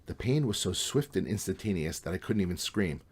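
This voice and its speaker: Author-narrator, male, relaxed wry novel reading, deep and husky. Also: brisk. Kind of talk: audiobook reading.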